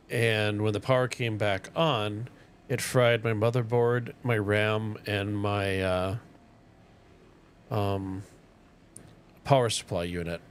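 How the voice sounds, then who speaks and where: Low-voiced Minnesotan man streaming a game. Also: slight background noise. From northern Minnesota. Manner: relaxed, chatty, talks to viewers while playing. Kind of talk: casual live-stream chat while gaming. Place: tiny home.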